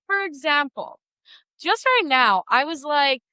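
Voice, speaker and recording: A woman's voice: high voice, sing-song, unhurried, pushed and bright, no echo. A young woman hosting a solo podcast in a casual, bubbly, gushing way with lots of filler words. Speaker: podcast host.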